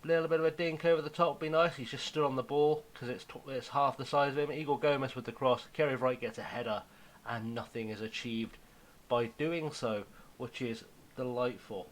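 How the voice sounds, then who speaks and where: A young man giving casual, self-mocking commentary on his football management game, now and then dropping to a hushed aside. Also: mid-range voice, fairly even intonation, a little fast, low-quality recording. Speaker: gaming YouTuber.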